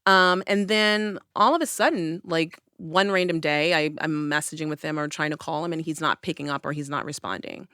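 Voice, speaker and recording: A woman's voice: low voice, normal speed, few pauses, sharp tone, clear, resonant tone, no echo, clean studio sound. A young woman on a podcast, chatting casually and telling a personal story, acting out her own past lines with animation. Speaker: podcast host. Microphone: studio podcast mic.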